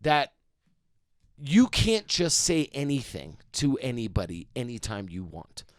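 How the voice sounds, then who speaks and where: A man's voice: medium pitch, unhurried, no room sound, studio quality. A man, a comedian guest on a podcast, telling a profane story in casual chat. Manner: animated, profane storytelling, acts out quotes loudly.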